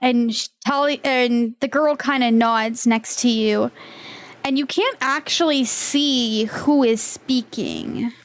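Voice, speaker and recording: A woman runs a tabletop fantasy game, narrating scenes at an unhurried pace. Her voice sits fairly high, and she drops into other characters' lines as she goes. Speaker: game master.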